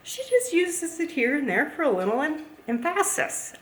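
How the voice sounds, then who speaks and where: A woman's voice: high voice, big pitch swings, measured pace, fairly bright tone. Gushing, playful woman vlogger. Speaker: plant YouTuber. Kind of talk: casual vlog chat. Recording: echoey room, faint ambience.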